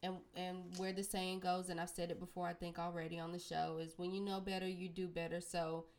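A woman hosting a podcast, speaking in an earnest, measured way. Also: on the low side, flat delivery, darkish tone. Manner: earnest, measured, wraps up episodes. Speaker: podcast host. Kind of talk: casual podcast chat.

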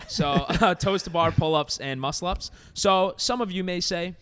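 A man co-hosting a podcast, talking about gym programming in casual chat, animated and laughing often. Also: sits high, a little slow, hardly any pauses, clear, resonant tone. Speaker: podcast co-host and gym coach.

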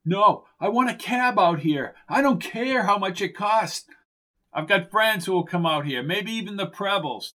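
A man's voice: high voice, expressive, a little slow, bright, forceful tone, pitched above the performer's own voice, exaggerated voice. A man voicing a frightened, defiant woman in an audiobook, speaking sharply and commandingly. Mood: tense, defiant.

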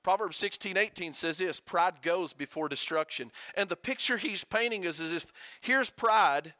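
High, bright-voiced preacher man. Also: dry recording. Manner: conversational preaching with rhetorical questions, rising and dropping to a hush. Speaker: pastor. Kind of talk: sermon.

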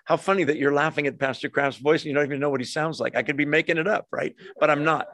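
A man's voice: fairly high pitch, fairly even intonation, quick pace, fairly bright tone, dry recording. A middle-aged man preaching a sermon in a conversational way, with rhetorical questions and humorous asides. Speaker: pastor.

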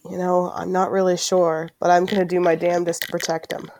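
A man voicing a determined woman official who speaks earnestly, higher than his own voice. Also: completely flat delivery, a little fast, darkish tone, dry recording, low-quality recording. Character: determined female official guarding a prisoner.

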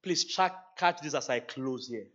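A man preaching a sermon at a church service, animated, laughing often and acting out dialogue with God. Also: medium pitch, moderate pace, highs cut off. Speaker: pastor.

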